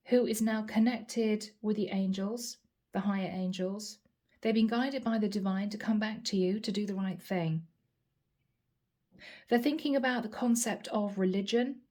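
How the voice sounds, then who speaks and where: Offering a channeled tarot reading, a woman with a mellow, fairly high voice addresses each listener directly by sign. Her tone is soothing and reassuring, and she repeats important phrases to let them land.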